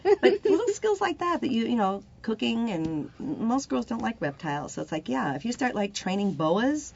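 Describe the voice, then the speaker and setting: A woman's voice: on the high side, sing-song, normal speed, gravelly, a little mellow, husky. Chatty, joking older woman host. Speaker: talent manager and host. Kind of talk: casual interview chat. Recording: dull lo-fi recording.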